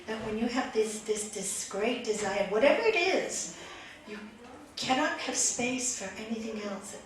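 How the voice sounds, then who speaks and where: A woman yoga teacher giving a spiritual talk to a group, chatty and animated, telling a fable. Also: a little high, moderate pace. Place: meditation group's meeting room. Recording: echoey room, distant mic, background noise.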